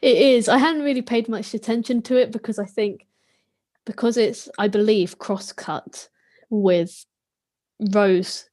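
A woman's voice: a little high, fairly even intonation, measured pace, a little mellow. A woman co-hosting a podcast, reviewing a TV episode in casual chat with a wry, lightly sarcastic manner. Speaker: podcast co-host.

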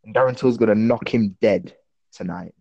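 Man, podcast co-host, blunt and sweary, lowish voice, dry close mic. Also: normal speed, gravelly, mellow, no echo, lo-fi sound. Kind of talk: casual chat.

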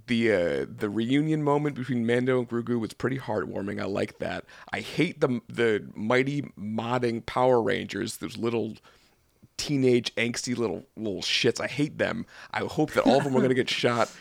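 A man on a casual podcast tears into an episode with profane, animated storytelling. He acts out the scenes and throws in sound effects as he goes. His voice sits at a middle pitch, and the sound is dry and close. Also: gravelly, no echo. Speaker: podcast co-host. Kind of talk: casual episode review rant.

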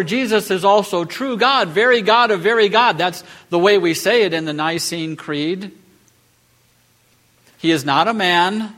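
A man's voice: fairly high pitch, fairly bright tone. A man preaching a sermon from the pulpit, emphatic and building to rising, rhetorical lines. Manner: emphatic, rhetorical questions, rising on key phrases. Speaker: pastor. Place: church.

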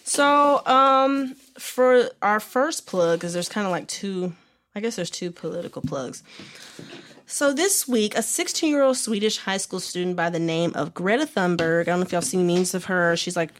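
Young woman on a podcast, chatty and slangy, middle pitch, jumps around in her stories. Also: slight background noise. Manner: animated, chatty, slangy, quick asides. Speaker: podcast co-host. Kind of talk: casual podcast chat.

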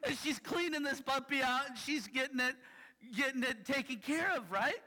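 A man's voice: very high-pitched, expressive, a little slow, background noise. A man preaching a sermon in a casual way, telling personal stories and often checking in with "right?". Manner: casual, tags lines with "right?". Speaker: pastor. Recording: reverberant hall.

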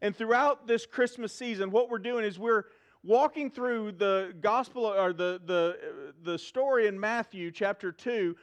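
A middle-aged man, preaching a sermon in a church to a live audience, animated and humorous, asking the crowd questions. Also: high-pitched, measured pace, lo-fi sound. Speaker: pastor.

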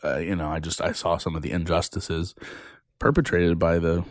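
A man guesting on a casual podcast, talking in an animated way, his voice jumping up when he gets worked up, and swearing freely. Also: low-pitched, normal speed, no room sound, studio quality.

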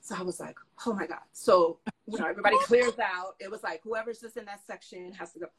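A woman telling a lively story in a casual interview, excitable and full of slangy asides. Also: medium pitch, fast talker, slightly rough, rough recording. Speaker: guest dancer and choreographer.

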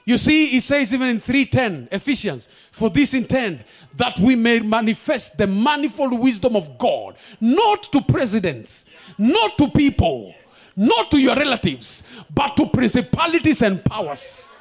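A middle-aged man, preaching a sermon as a visiting pastor at a church service, declaring prophecies in shouted bursts. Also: very high-pitched, very animated, unhurried. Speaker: guest pastor.

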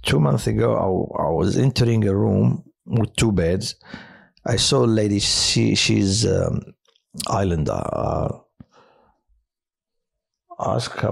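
A man who works as a hospital chaplain tells personal stories in a halting way, with many restarts and fillers. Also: lowish voice, vocal fry, slightly rough. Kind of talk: personal testimony on a podcast.

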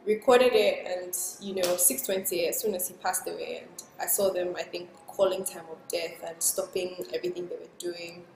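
A woman in casual podcast chat, telling a personal story in a soft, reflective way that trails into quiet asides. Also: fairly low pitch, little pitch movement, normal speed, vocal fry, hardly any pauses, slight background noise. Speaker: guest sharing a personal story. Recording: roomy with long reverb.

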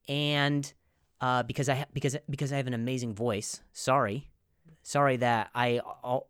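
A man's voice: mid-range voice, clean tone, no room sound, studio quality. A young man hosting a comedy podcast, rambling and profane, with sarcastic rants full of restarts. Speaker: podcast host.

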